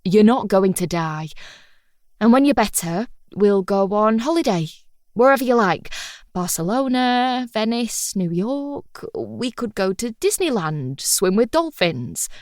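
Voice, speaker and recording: A woman voicing a gentle father who soothes and coaxes his sick teenage daughter in an audiobook. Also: high-pitched, big pitch swings, a little slow, dry recording, clean studio sound. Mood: soothing. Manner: soothing, coaxing.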